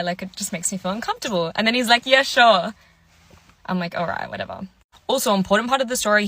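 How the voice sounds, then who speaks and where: A young woman with a mid-range voice and a sharp tone tells a casual dating storytime, chatty and exasperated, acting out both sides of the conversation with quoted dialogue. There's no room sound.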